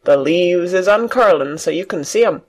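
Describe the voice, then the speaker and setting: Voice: medium pitch, expressive, moderate pace. A reader doing a cheerful country farm boy. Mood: eager. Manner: broad country dialect, eager. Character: cheerful Yorkshire farm boy, nature-loving. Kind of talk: audiobook reading for learners.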